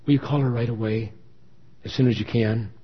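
Frail, hesitant fifty-year-old patient, voiced by a man; husky, dull recording. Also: mid-range voice, fairly even intonation, brisk, lightly acted. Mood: urgent. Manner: hesitant, urgent.

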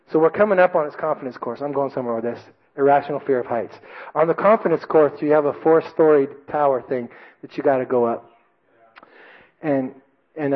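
A man preaching in a church, telling a personal story with animated, self-mocking delivery. His voice sits a little high for a man. The recording is dull and lo-fi. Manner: animated storytelling, shouting quoted drill sergeant.

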